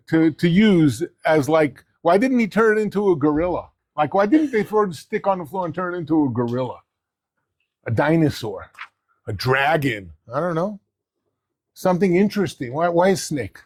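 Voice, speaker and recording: A man's voice: fairly high pitch, a little mellow, no room sound. A man, head of a yeshiva, giving a casual Torah class on the weekly portion and quizzing his listeners with questions.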